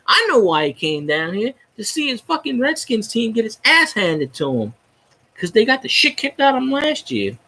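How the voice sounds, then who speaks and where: A man's voice: very high voice, sing-song, moderate pace, pushed and bright. A man hosting his own fan video, ranting casually and cursing freely about how his team gets treated. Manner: profane, fired-up ranting.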